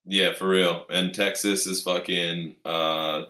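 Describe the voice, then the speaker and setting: A man's voice: deep voice, little pitch movement, slow pace, bright, forceful tone, reverberant. A man co-hosting a podcast in casual chat, rambling and swearing, mocking the people he quotes in put-on voices. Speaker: podcast co-host.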